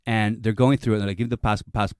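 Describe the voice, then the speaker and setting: A man's voice: fairly low pitch, steady tone, quick pace, clean tone, dry recording. A man in a dry close-mic studio, telling a comic story on a podcast in a rambling, self-interrupting way with frequent restarts.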